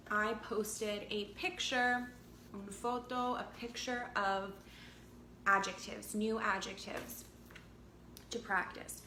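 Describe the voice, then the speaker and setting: Slow, deliberate woman teaching English. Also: fairly high pitch, fairly bright tone. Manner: slow, deliberate, repeats words and translates into Spanish. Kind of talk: slow bilingual language lesson. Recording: echoey room with faint background noise.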